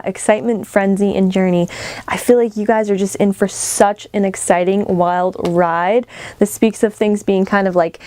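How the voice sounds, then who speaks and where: A woman giving a casual pick-a-card tarot reading, excitable and quick to laugh, talking straight to her viewers, her voice a little worn. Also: mid-range voice, no echo. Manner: excitable, laughs often, addresses viewers directly. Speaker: tarot reader. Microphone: camera on table while shuffling cards.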